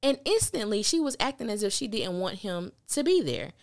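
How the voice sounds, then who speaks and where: A woman hosting a podcast, recapping a TV episode in a casual, animated way with blunt slang and emphatic storytelling. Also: mid-range voice, normal speed, vocal fry. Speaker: podcast host.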